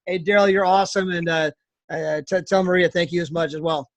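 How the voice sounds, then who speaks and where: A man's voice: high voice, steady tone, no echo, dull audio. An American man presenting on a video call, talking in an upbeat, joking way and often repeating himself. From United States. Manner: fast, upbeat, joking, repetitive. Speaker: guest presenter on a team call. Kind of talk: casual online meeting talk.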